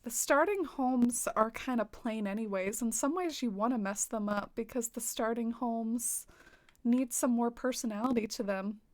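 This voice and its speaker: A woman's voice: on the high side, normal speed. Giggly, chatty Southern woman streaming. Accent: light Southern American twang. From American South. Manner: chatty, giggly, filler-heavy with frequent "like". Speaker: game streamer. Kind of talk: casual stream chat, reading viewer comments.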